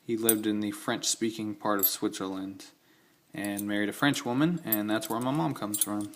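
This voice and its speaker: A man's voice: lowish voice, fairly even intonation, normal speed. A young man casually showing off old-style knives and keys, rambling and correcting himself with enthusiastic asides. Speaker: knife collector showing his gear. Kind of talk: casual show-and-tell vlog.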